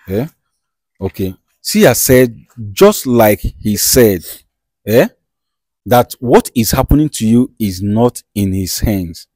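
Animated man interpreting. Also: mid-range voice, takes it slowly, no room sound. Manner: animated, switching between urgent appeals and soothing. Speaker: interpreter and show presenter. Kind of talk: comedy skit.

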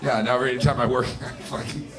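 Far from the mic in a comedy club, a man in his twenties talks fast in a mid-range, level voice through a profane, meandering stand-up routine, frequently laughing at his own material. The live recording includes audience laughter.

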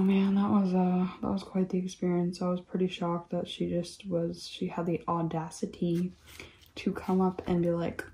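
A young woman talks through a relaxed craft vlog from home, rambling and filling her sentences with "like." Her voice is mellow and warm, and she bounces into the voices of the people in her stories. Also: on the low side. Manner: rambling, peppered with "like", animated retelling of quotes. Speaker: craft vlogger. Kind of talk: casual chatty storytime while crafting.

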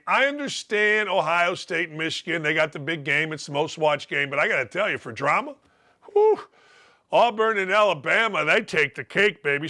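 A middle-aged man rants through a sports talk monologue with a brash, combative edge. His voice sits high for a man and rings bright. He mocks his targets openly and swings hard at them. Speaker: sports talk show host.

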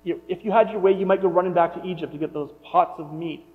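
A man's voice: high-pitched, steady tone, quick pace. A man giving a sermon, reading scripture aloud and then commenting on it in a casual, joking aside tone. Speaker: pastor. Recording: muffled sound with long hall reverb and mains hum.

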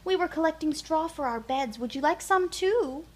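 A woman voicing a helpful, bustling hen in a storybook, bright and eager. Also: sits high, animated, moderate pace, slight background noise, voice pushed up.

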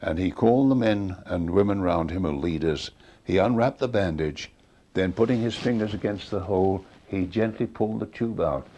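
Older male storyteller, low and husky, acts out quoted dialogue. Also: normal speed, mellow. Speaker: interviewee recounting a preacher's ministry. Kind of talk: storytelling interview.

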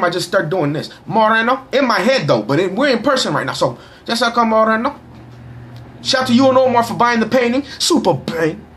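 A young man giving casual, boisterous shout-outs to followers in a profane, slangy way. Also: very high voice, slight background noise. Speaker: vlogger reading social media shout-outs. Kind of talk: casual live shout-out chat.

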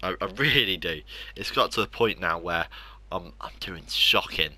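A man's voice: low voice, normal speed, sharp tone, husky, dry recording. A young man commenting on his own football video game matches, mocking himself and ranting about losing. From England. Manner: frustrated, self-mocking ranting. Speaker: gaming YouTuber. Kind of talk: live gameplay commentary.

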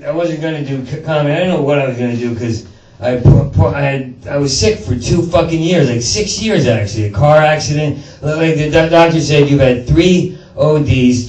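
This male comic has a slightly high, darkish voice and a brisk delivery as he stammers and restarts his way through a rambling, profane stand-up routine. He performs for a live audience in a small venue. The distant mic captures a roomy live sound and laughter from the crowd.

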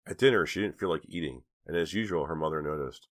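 A man narrating an audiobook in a measured storytelling manner. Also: extremely low pitch. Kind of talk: scripted narration.

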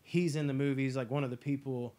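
A man hosting a casual movie review chat, enthusiastic and profane, acting out scenes in quick impressions. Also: mid-range voice, steady tone, dark tone. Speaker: podcast host.

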